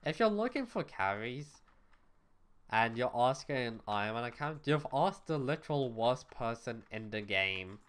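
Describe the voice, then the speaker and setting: A man's voice: mid-range voice, big pitch swings, moderate pace, a bit bright, clear, resonant tone. A man streaming a video game as a VTuber, talking to chat in a rambling, blunt and exasperated way, swearing freely. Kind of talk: casual gaming livestream chat.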